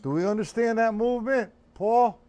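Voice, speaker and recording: A man's voice: extremely high pitch, moderate pace, loud music behind the voice. A man teaching a casual drum lesson on a live stream, talking bluntly and calling viewers by name.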